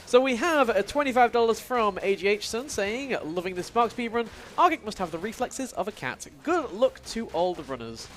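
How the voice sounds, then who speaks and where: A man's voice: high voice, big pitch swings, normal speed, few pauses, fairly bright tone. A man hosting a live gaming marathon, reading donation messages in a light, jokey way.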